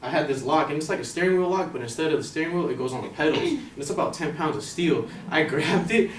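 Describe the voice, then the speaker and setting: A young man spins a personal story for an audience, casual and slangy, with a fairly high voice. The sound is roomy and the mic sits well away, with faint noise behind. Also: fast, distant mic. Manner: casual, animated, slangy, laughs along.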